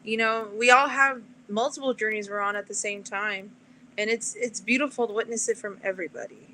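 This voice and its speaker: Bright-voiced woman guest. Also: mid-range voice, fairly even intonation, a little fast, a little hiss or hum. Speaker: guest, YouTuber. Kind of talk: live online interview.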